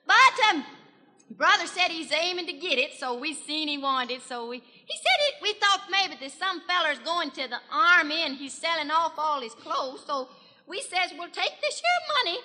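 Minnie Pearl, shrill country gossip. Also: female voice, animated, moderate pace, bright, forceful tone, heavily acted. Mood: gossipy. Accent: Southern US, rural Tennessee. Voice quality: shrill, hollering country twang. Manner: rambling folksy storytelling with giggles. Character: chatty young country gossip gal, excitable. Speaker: comedian. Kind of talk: 1940s radio comedy monologue. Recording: 1940s radio broadcast, long hall reverb.

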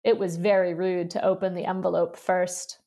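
A woman reading a short story aloud in measured, even narration. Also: fairly low pitch. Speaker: reader. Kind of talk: literary reading.

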